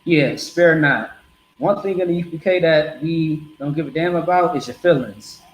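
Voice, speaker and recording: A man's voice: fairly high pitch, normal speed, echoey room, a little hiss or hum, poor audio. A man preaching bluntly to a group in a streetwise, repetitive way.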